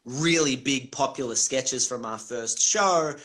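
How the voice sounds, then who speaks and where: A man's voice: medium pitch, measured pace, noisy background. An Australian man, a comedian guest, telling rambling stories in a casual interview, swearing freely and laughing often. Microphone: video call.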